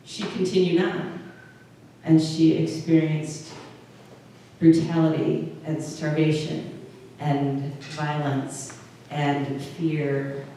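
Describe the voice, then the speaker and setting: Woman, pastor, chatty sermon, halting restarts, faint background noise, very reverberant hall. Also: low voice, little pitch movement, dark tone. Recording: distant mic in a very echoey room with faint noise.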